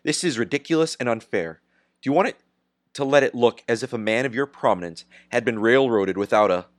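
A man voicing a young judge who snaps impatiently, pitched higher than his reading voice. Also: fairly quick, dry recording, clean studio sound, natural voice. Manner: snapping, impatient. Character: young male judge and prosecutor, impatient and snappish.

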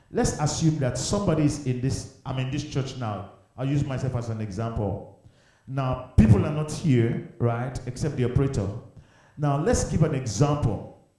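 A male pastor delivers a fervent sermon, repeating phrases and pressing rhetorical questions. His voice is mellow and a touch high. It rings around a very echoey empty church.

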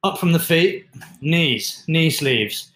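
A man co-hosting a fitness talk, explaining lifting equipment in a relaxed, chatty way with many fillers. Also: on the high side, slow. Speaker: fitness podcast co-host. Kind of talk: casual explanatory chat. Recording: roomy echo.

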